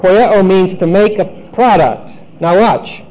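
A man teaching a Bible study lecture, deliberate and emphatic, spelling out Greek words. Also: high voice, a little mellow. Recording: dull lo-fi recording.

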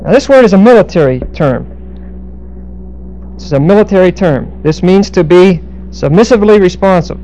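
A man's voice: sits high, expressive, moderate pace, mellow, muffled recording, slight background noise. A middle-aged man preaching a verse-by-verse sermon, explaining Greek grammar with asides and dry humor. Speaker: pastor.

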